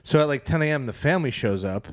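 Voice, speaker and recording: A man's voice: medium pitch, expressive, fast talker, no room sound. A man co-hosting a podcast, telling a personal anecdote in a casual comedic chat from a living room studio. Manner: anecdotal storytelling. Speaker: podcast co-host.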